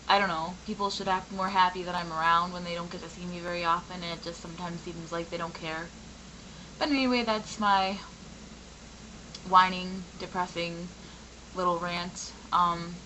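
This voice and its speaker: A young woman in her twenties talks frankly and rambles through a personal update, full of fillers. Her voice is bright and sharp, roughened a little by a recent sore throat. A faint background noise sits under the recording. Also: fairly low pitch, low-quality recording. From Michigan, US. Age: 20s. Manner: candid, frustrated, rambling with many fillers. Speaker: vlogger. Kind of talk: personal venting vlog.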